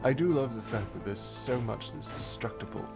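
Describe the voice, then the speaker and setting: A man's voice: mid-range voice, moderate pace, gravelly, over music. A man giving playful game commentary while reading dialogue aloud. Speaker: let's player.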